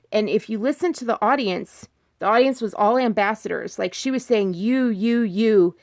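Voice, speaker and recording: Insistent woman vlogger, rhetorical questions. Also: a little mellow. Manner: insistent, repeats herself, fires rhetorical questions; pitch jumps up when emphatic. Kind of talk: casual vlog commentary.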